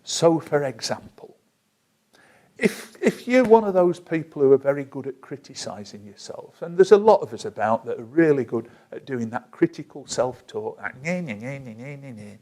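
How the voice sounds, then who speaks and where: Measured man guiding a calm exercise. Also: medium pitch. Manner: measured and gentle, slows down to give instructions. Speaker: therapist teaching a self-help technique. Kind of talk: calm guided instruction.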